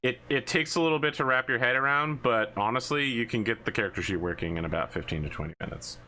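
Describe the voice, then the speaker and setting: A man's voice: medium pitch, bright, forceful tone, slight background noise. A man hosting and running a tabletop game, chatting casually and joking before the session starts. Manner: chatty, joking, quick asides. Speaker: host and game master. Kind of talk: casual pre-game chat.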